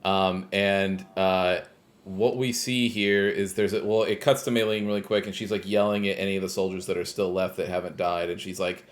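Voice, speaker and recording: Low-pitched male podcast co-host, relaxed rambling recap, casual. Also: normal speed. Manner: retells scenes at length, relaxed and rambling. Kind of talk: casual game discussion.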